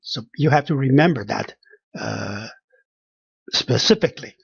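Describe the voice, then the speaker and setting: A teacher giving a pronunciation lesson, halting and full of fillers, repeating each sound and example word. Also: mid-range voice, expressive, gravelly, husky, no room sound, muffled recording. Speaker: language teacher.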